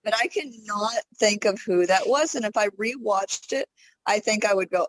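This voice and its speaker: A woman's voice: medium pitch, moderate pace, rough recording. A woman co-hosting a podcast, chatting casually in a laid-back, blunt way. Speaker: co-host.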